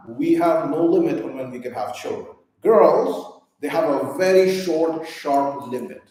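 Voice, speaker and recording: A man's voice: on the high side, darkish tone. A man delivering a blunt, emphatic, mock-serious comic monologue. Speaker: comedic host. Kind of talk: comedic monologue. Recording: echoey room, distant mic.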